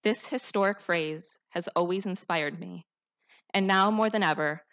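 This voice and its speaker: A teenage girl speaks at a podium as the class salutatorian, her voice sitting a little low for a young woman. She delivers her graduation speech in an earnest, heartfelt way and builds to rousing calls to action. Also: a bit bright, lo-fi sound. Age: teens.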